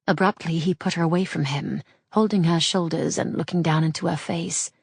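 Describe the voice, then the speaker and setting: Low husky woman narrator. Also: fairly even intonation, moderate pace, hardly any pauses, no echo, clean studio sound. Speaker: audiobook narrator. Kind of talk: scripted romance narration.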